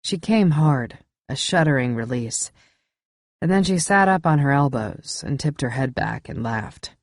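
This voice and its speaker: A woman narrates a first-person thriller audiobook in a low, measured, intimate voice. She is close on a studio mic. The sound is dry, with no room in it. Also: lively intonation, dry recording.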